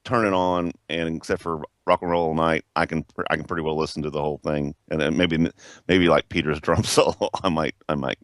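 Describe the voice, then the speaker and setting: A man with a very low voice co-hosts a casual rock podcast. He rambles, restarts and corrects himself as he goes. The sound is dry and close. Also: fairly even intonation, brisk, fairly bright tone, no echo. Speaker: podcast co-host.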